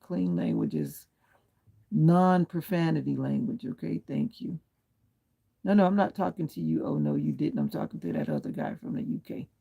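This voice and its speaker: His pitch swings widely in a voice on the high side that is gravelly and dark, at a moderate pace. He is a livestream host chatting casually from home, propped on a pillow under a comforter, replying to each viewer comment and politely insisting on clean language.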